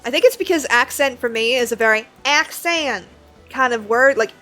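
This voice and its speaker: A woman chats casually while she streams a game, rambling from topic to topic with plenty of fillers. Her voice sits fairly high, and faint game music plays beneath it. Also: moderate pace, a bit bright. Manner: rambling, chatty, self-deprecating with many fillers. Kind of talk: casual chat while playing.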